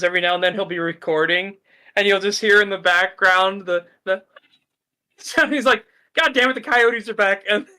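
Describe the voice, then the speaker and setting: A man's voice: high voice, clean tone. A man with a Norwegian accent, a native Norwegian speaker, chatting casually and laughing through his stories. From Norway. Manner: animated, laughs while telling stories. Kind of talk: casual chat.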